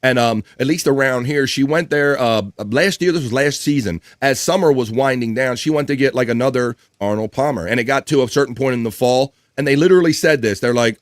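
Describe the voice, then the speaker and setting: A man's voice: mid-range voice, fairly quick, few pauses, dry recording, studio quality. Chatty man hosting a live stream. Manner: chatty, reads viewer comments aloud. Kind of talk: casual live-stream chat.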